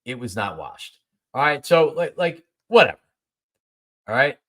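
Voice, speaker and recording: Bright-voiced man telling a story. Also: mid-range voice, measured pace. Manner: animated, acts out both sides of conversations, repeats himself. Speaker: podcast host. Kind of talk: casual storytelling monologue.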